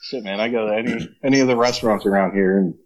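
A man and former Marine telling casual, profane stories in relaxed chat. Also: fairly low pitch, fast talker, low-quality recording. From Florida. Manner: profane, laid-back storyteller. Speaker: podcast guest, former Marine.

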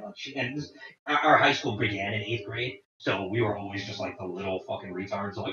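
A man in his forties casually telling rambling, profane stories about touring, with animated quoting. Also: fairly low pitch, brisk. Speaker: guest telling tour stories. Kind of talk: casual storytelling chat. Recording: roomy, distant, dull lo-fi sound.

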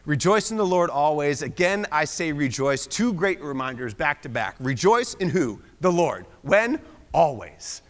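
A young man from Pennsylvania, guest preaching, delivers a casual, self-deprecating conversational sermon with touches of humor in a church sanctuary. His voice is a little high and fairly bright, very animated yet unhurried. The large hall leaves a long reverb on the recording.

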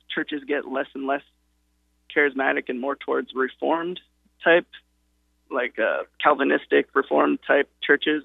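A man calling in to a radio show, talking hesitantly with many pauses and ums. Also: medium pitch, gravelly, no echo. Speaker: caller. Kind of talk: call-in radio talk. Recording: tinny phone line.

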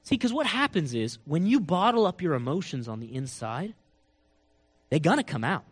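A man preaching a sermon, telling a story with lively acted-out quotes and big swings between soft and loud. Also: moderate pace, breathy edge. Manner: animated storytelling, acts out quotes with big swings in pitch and loudness. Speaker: pastor.

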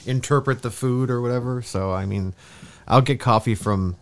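A man's voice: medium pitch, moderate pace. A man co-hosting a casual chat, easygoing and laughing often. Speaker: podcast co-host.

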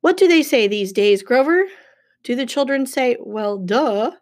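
A woman's voice: on the high side, animated, a little slow, darkish tone, voice pushed up. Woman doing a sulky, pompous wine god. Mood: petulant. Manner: whiny, bored, condescending.

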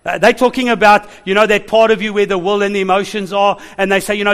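A man preaching a sermon as pastor, animated, laughing and calling out to the congregation. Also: sits high, quick pace, smooth.

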